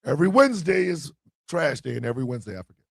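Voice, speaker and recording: Fiery, gravelly-voiced man ranting. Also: fairly high pitch, expressive, very fast, no room sound, clean studio sound. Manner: fiery, emphatic, preaching. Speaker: internet radio co-owner and host. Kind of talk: impassioned livestream monologue.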